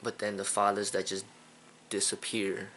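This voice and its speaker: Gravelly low-voiced man ranting. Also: monotone, moderate pace, fairly bright tone, a little hiss or hum. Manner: repetitive, indignant, many fillers. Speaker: kung fu channel host. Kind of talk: casual opinion monologue.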